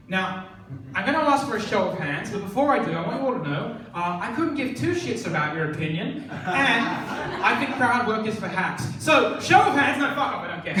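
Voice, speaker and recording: A young Australian man in his twenties doing a stand-up set in a comedy club, with a deadpan, sardonic delivery. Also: sits high. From Fremantle, Western Australia. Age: 20s. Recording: echoey club, distant mic, noisy.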